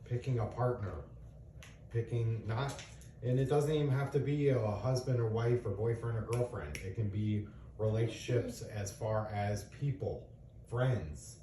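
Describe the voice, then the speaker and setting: In an echoey room, heard from a distance, a middle-aged dad speaks in a mellow, mid-range voice, a little slowly, with slight background noise. He earnestly explains things to his young children in a casual lecture, quizzing them and giving examples.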